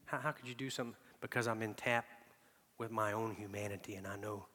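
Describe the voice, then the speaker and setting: A man preaching a sermon, telling personal stories and dropping from hushed, soft asides to loud, emphatic bursts. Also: on the low side, steady tone, fast. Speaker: pastor. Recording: long reverb of a large hall.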